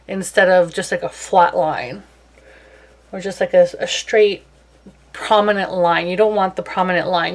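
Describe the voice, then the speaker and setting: A woman's voice: medium pitch, a little mellow. A young woman chatting casually through a makeup tutorial, self-deprecating and talkative. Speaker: beauty vlogger.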